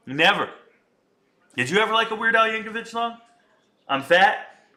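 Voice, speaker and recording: This is a man hosting a live reaction stream who jokes around and talks straight to his viewers. His voice sits a little on the high side, with a bright, forward edge. He keeps things loose and chatty throughout. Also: lively intonation, a little fast. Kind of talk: casual live reaction chat.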